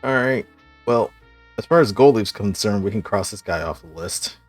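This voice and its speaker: A man playing in a tabletop game, speaking in a relaxed, wry way. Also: lowish voice, normal speed, no echo, soft background music. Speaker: player.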